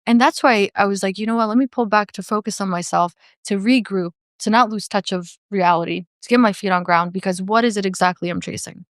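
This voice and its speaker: A woman's voice: mid-range voice, fairly quick, few pauses. A woman talks in candid podcast conversation, earnest and reflective, leaning on "like" as she goes. Her voice sits in a middle register and comes across dry, with no room echo. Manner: earnest and reflective, many "like" fillers. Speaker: podcast guest.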